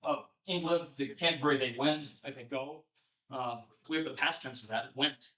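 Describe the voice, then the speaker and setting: The audio is dull, capturing a medium-pitched male pastor at a moderate pace as he lectures informally on poetry. Chatty and full of fillers, he checks in with "right?" and lifts into a sing-song voice for old verse, with a distant mic in an echoey space.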